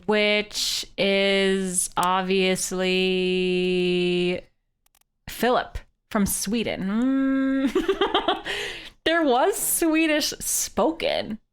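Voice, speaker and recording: A woman's voice: mid-range voice, very slow, smooth. A woman from Canada, streaming a game live and chatting playfully with her viewers. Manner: animated and joking, talks to chat. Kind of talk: casual live-stream gameplay commentary.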